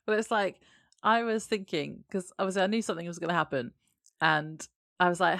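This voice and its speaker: Woman, low gravelly voice, dry close mic, chatty and quick to laugh. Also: a bit bright, no echo. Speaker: podcast co-host. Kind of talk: casual recap chat.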